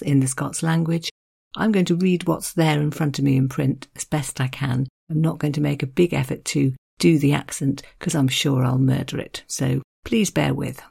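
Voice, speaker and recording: A podcast host with a gravelly, husky, medium-pitched voice and a mellow, warm tone reads scripted literary narration at an even pace. Along the way they slip in wry, self-deprecating asides.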